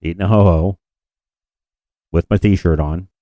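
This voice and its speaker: A man's voice: sits low, fairly even intonation, a little slow, mellow, no echo. A man co-hosting a podcast in casual chat, rambling and self-deprecating with frequent restarts. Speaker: podcast co-host.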